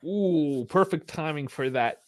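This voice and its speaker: A man's voice: fairly high pitch, a little slow, a loud crowd. A man co-hosting a casual livestream from a small furnace room at home, bantering and laughing easily. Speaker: co-host of a fan livestream.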